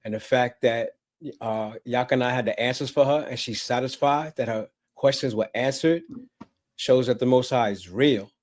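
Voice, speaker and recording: A man closing a religious talk show with a prayer, speaking in a rhythmic, preacherly way. His voice has medium pitch. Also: moderate pace, a little mellow.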